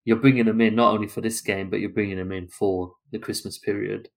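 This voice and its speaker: A man with a fairly low voice co-hosting a relaxed football podcast. He talks in quick, chatty runs, stacking up one possibility after another as he thinks out loud. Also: creaky. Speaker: podcast co-host. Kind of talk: casual football chat.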